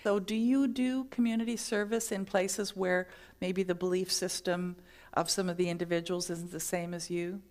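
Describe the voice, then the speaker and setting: A woman's voice: fairly low pitch, fairly even intonation, normal speed, darkish tone. A middle-aged woman minister giving a sermon, telling stories and acting out the voices in them. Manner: storytelling, acts out quoted voices.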